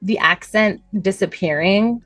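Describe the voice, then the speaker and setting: A woman co-hosting a podcast, telling stories in an animated, chatty way and laughing often. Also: medium pitch, measured pace, dry recording, faint music behind. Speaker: podcast co-host. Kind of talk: casual chat.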